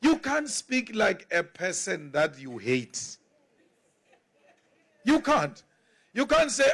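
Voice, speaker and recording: South African political leader, male, high voice, emphatic and repetitive speech delivery. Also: very animated, takes it slowly, vocal fry, fairly bright tone. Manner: emphatic and repetitive, with rhetorical questions.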